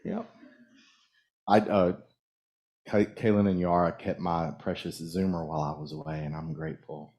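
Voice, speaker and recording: A man with a lowish voice preaches a casual sermon from the pulpit. He talks loosely and haltingly, restarting phrases and asking the congregation questions as he goes. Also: steady tone, darkish tone. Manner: conversational, halting with restarts, asks the audience questions. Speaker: minister. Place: church sanctuary.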